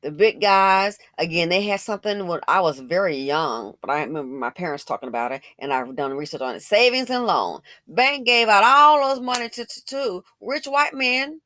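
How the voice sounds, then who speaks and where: A woman's voice: mid-range voice, expressive, normal speed, few pauses, pushed and bright, dry recording, studio quality. A woman giving opinionated commentary, blunt and colloquial, who repeats phrases for emphasis and fires off rhetorical questions.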